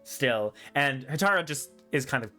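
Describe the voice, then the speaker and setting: A man narrating as game master, talking in a relaxed, rambling way with lots of fillers. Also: medium pitch, moderate pace, soft background music.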